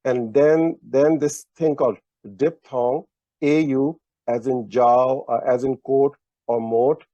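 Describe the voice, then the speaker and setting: A man's voice: mid-range voice, steady tone, slow pace, dark tone, dry recording. A man teaching a language lesson, explaining patiently with many fillers and restarts. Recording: dull lo-fi online lesson audio.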